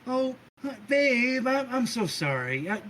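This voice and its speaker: A man's voice: fairly high pitch, animated, measured pace, a bit bright, a little hiss or hum. Man putting on a volatile goddess mother. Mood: sheepish. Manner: flips between sweet cooing and cursing rage. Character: hot-tempered goddess mother, jealous and doting.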